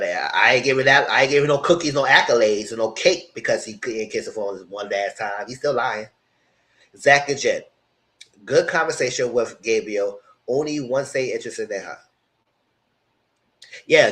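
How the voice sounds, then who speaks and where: Man, reality show recap, bright voice, animated and mocking. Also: mid-range voice. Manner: animated, slangy, mocking asides to contestants. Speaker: reality TV reviewer. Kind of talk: casual live recap commentary.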